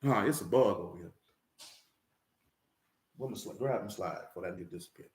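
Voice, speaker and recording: A man's voice: deep voice, normal speed. A man preaching in a casual, blunt way, with profanity and jokes mixed into his teaching. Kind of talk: casual sermon-style teaching. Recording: roomy echo.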